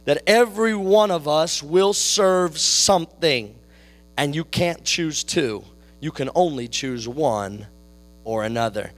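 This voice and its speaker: A man preaching a sermon, slow and deliberate, repeating his phrases for emphasis. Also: a little high.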